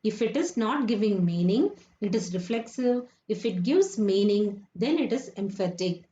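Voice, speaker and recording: A woman's voice: medium pitch, animated, normal speed, warm tone. A woman teaching children a grammar lesson, often repeating points and asking if they understood. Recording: echoey room, dull lo-fi sound.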